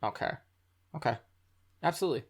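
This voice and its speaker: A man running a tabletop game as game master, relaxed and encouraging with the players. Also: on the high side, brisk, husky.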